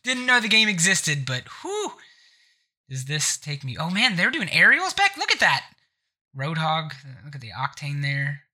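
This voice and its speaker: A man hosting a live gaming podcast, telling bits in a playful, animated way. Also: a little high, normal speed. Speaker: podcast host.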